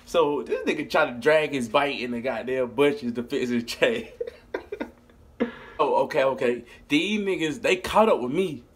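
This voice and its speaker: Husky man telling a profane story. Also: mid-range voice, unhurried. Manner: animated, profane, laughing storyteller. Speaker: vlogger. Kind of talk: casual storytime.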